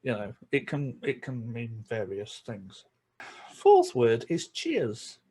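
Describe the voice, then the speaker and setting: A man with a Yorkshire accent chatting casually to camera as a vlogger, chuckling between remarks and slipping into quick asides. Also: medium pitch, wildly swooping pitch, mellow, breathy edge. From England.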